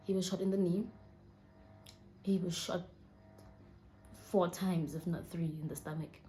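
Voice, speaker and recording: A woman's voice: lowish voice, steady tone, a little slow, warm tone, soft background music. A young woman in her twenties with a Southern African accent, telling a personal story while holding back tears and often sinking to a near whisper. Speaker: vlogger. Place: indoors, seated.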